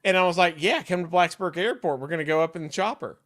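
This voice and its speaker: A man's voice: sits high, fast, fairly bright tone. A man hosting a talk show who tells a prank story with playful teasing. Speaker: host. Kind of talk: casual radio talk show chat.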